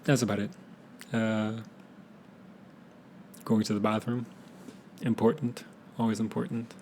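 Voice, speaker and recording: A man's voice: fairly low pitch, flat delivery, measured pace, darkish tone, slight background noise. A young man hosting a casual solo podcast, rambling and correcting himself as he thinks aloud. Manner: rambling, self-correcting, laid-back. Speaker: podcast host.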